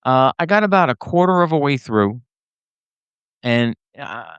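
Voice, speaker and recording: A podcast host with a smooth, mid-range voice rants casually and solo to camera at an unhurried pace, animated and rambling with plenty of fillers and restarts. The recording is dry and lo-fi.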